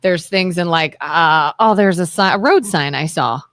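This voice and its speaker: A woman's voice: on the low side, fairly bright tone, dry recording. Chatty woman co-host. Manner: chatty storyteller, quick agreeing interjections. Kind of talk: casual talk radio chat. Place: radio studio.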